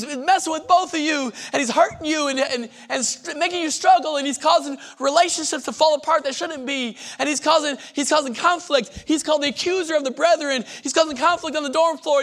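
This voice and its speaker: A man's voice: very high voice, a bit bright. A man preaching a chapel sermon to Bible college students, emphatic and repetitive, often restarting his phrases.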